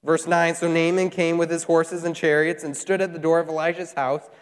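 Male preacher, fairly high voice, lively sermon delivery, long hall echo. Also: brisk, clean tone. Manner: animated, voices the characters while retelling. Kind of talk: sermon with scripture reading.

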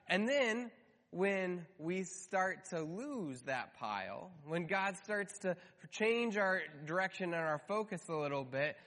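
A man's voice: fairly high pitch, fairly bright tone, long reverb tail. A man in his thirties, a pastor, praying and then preaching with an earnest, story-telling manner and light humor. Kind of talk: prayer and sermon.

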